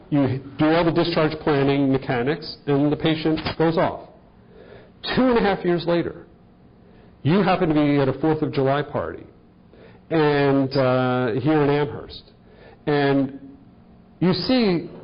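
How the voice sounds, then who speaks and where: A man's voice: a little high, dull audio. A man giving a conversational lecture to a live audience, posing questions to the room as he walks through cases. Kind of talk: continuing-education lecture.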